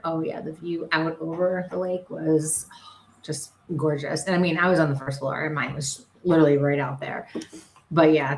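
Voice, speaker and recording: A woman's voice: low-pitched, darkish tone, echoey room, slight background noise. A woman with a Western New York accent, co-hosting a casual live stream with chatty, laughing storytelling. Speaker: co-host, psychic medium.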